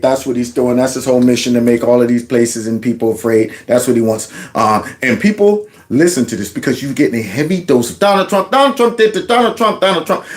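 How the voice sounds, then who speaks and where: A man giving sarcastic reaction commentary on news clips, mocking them with one rhetorical question after another. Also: medium pitch. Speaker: commentary vlogger.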